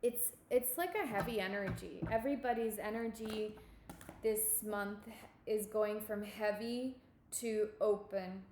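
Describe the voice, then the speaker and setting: A woman giving a tarot reading, speaking in a halting, reassuring way and often repeating her words. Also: mid-range voice, darkish tone, a little hiss or hum. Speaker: tarot reader.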